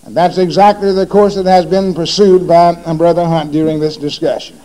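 A man's voice: fairly high pitch, level tone, moderate pace, warm tone, rough recording. A man giving a formal religious debate speech, pressing his opponent with repeated rhetorical questions.

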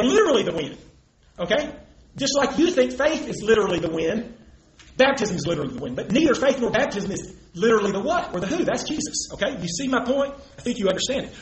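A man's voice: high voice, a bit bright. A man preaching with emphasis, arguing a point and quoting scripture as he goes. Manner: emphatic, argumentative, quotes scripture. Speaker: preacher in a debate. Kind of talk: impassioned preaching. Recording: echoey room with faint noise.

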